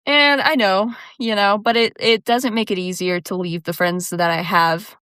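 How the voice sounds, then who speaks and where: Talking casually on her own podcast, this young host is chatty, laughs a lot, and keeps saying "dude" and "like." She has a mid-range, fairly bright, clean voice with a steady tone and moderate pace. It's studio quality with no room sound.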